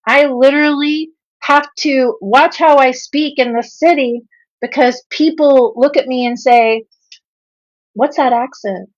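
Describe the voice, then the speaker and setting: A woman's voice: high voice, steady tone, measured pace, lo-fi sound. A woman in her fifties with a Southern drawl hosts a live stream, speaking earnestly, repeating points for emphasis and greeting viewers by name. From Southern United States. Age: 50s. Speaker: livestream host and nutrition coach.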